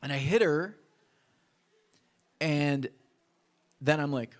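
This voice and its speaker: A male pastor telling a personal story in a sermon, acting out voices from his childhood with lively animation. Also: on the high side, slow. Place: church.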